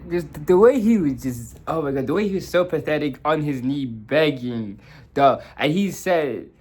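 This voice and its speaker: A man's voice: fairly high pitch, animated, moderate pace, a little mellow, breathy edge. A young man giving an emotional, rambling review of a TV finale, full of fillers, restarts and swearing. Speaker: vlogger reviewing a TV show. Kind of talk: casual rambling reaction review.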